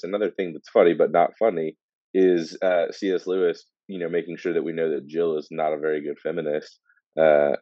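A man's voice: extremely low pitch, no room sound, dull audio. A man co-hosting a casual book discussion, rambling and acting out characters in funny voices. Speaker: podcast co-host.

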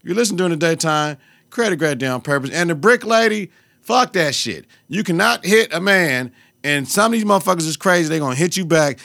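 Gravelly, animated man podcast host. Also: on the high side, a little fast, no echo, studio quality. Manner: animated, profane, laughing storyteller. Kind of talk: casual solo podcast rant.

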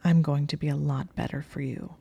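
A woman voicing a possessive, domineering young male wizard who speaks in a low, commanding growl. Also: brisk, gravelly, warm tone, breathy edge, muffled recording, full character voice.

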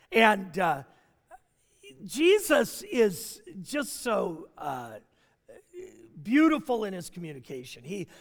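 Pastor guy preaching, really high voice, lots of questions, big echoey hall. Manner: animated preaching with rhetorical questions. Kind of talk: sermon.

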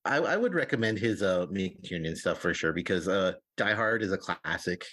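A man's voice: low voice, lively intonation, moderate pace, a bit bright. A man appearing as a podcast guest, recommending films casually with hesitant fillers. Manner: hesitant, fillers, easy laughter. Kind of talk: casual film discussion.

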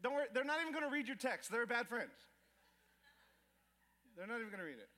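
A man preaching a sermon as pastor, telling stories with lively acted-out asides and joking with the congregation. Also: very high-pitched, quick pace. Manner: animated storytelling with acted asides to the crowd. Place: church auditorium. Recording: long hall reverb.

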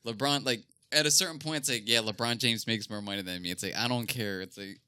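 A man's voice: mid-range voice, fast, bright, forceful tone, clean tone, dry recording. A young man co-hosting a casual podcast chat, ranting with lots of swearing and laughter. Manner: profane ranting, laughs often. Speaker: podcast co-host.

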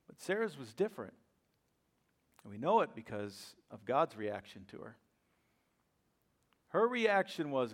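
A man preaching a sermon as a pastor, telling a story in a lively way and often checking in with "right?". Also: mid-range voice, measured pace, creaky. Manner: acts out quoted voices with bursts of laughter.

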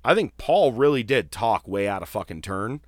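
A man with a lowish voice hosts a casual wrestling podcast. He tells his stories in a swearing, animated rush, full of asides. His voice is close and dry, with almost no room sound. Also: normal speed, dry recording. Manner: profane, animated storytelling. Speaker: podcast host.

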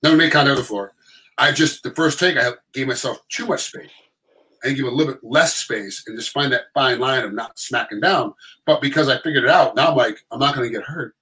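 Fast-talking man with a bright voice. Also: medium pitch, poor audio. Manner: animated, acts out quotes in other voices. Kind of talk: casual storytelling chat.

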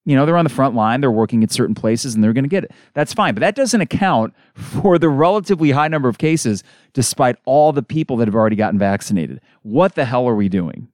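A man hosting a solo sports podcast, ranting in an exasperated, animated way. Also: mid-range voice, fast, no room sound, studio quality. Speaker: podcast host.

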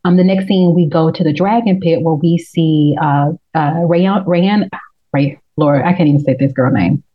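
A woman's voice: sits low, moderate pace, dull audio. A woman co-hosting a casual chat, recapping a TV episode and acting out characters in quoted lines, swearing freely. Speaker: podcast co-host recapping a TV episode.

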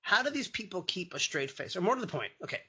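A man's voice: high voice, big pitch swings, fast, bright, forceful tone, slightly rough. A man in his forties co-hosting a comedy politics podcast, joking and rambling in casual chat. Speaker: podcast co-host.

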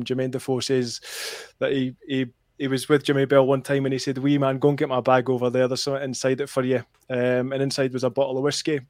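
A man hosts a podcast in an even, flat-toned voice, measured and somber, pausing often with fillers. His voice sits at a middling pitch and sounds dry and close, with little room to it. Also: no echo. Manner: measured and somber, with many hesitations. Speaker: podcast host. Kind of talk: casual podcast chat.

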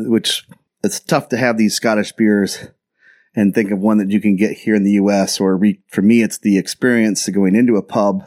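A man's voice: fairly low pitch, darkish tone. An American man chatting casually as a podcast guest, telling rambling travel anecdotes with many restarts. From United States. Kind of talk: casual storytelling chat.

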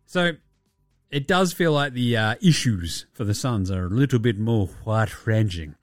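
A man's voice: on the low side, normal speed, no echo, studio quality, faint music behind. An Australian man hosting a basketball podcast, rambling through casual chat with sarcasm and plenty of swearing. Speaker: podcast host.

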